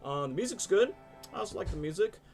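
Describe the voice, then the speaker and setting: A man's voice: sits high, lively intonation, quick pace, darkish tone, faint music behind. A young man hosting a live stream, chatting casually and animatedly with lots of fillers. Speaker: stream host. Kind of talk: casual chat, ranking shows live.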